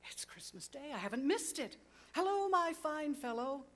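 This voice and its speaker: A woman's voice: sits high, big pitch swings, normal speed, voice pushed up. Scrooge, a woman reading as an old miser. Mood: elated. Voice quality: urgent, exclamatory delivery. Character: remorseful old miser, pleading then overjoyed. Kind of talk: storybook reading.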